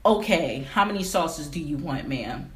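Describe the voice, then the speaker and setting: A woman voicing a curt female fast-food cashier, stiffly polite and clipped. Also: deep voice, lively intonation, pitched below the performer's own voice. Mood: curtly polite.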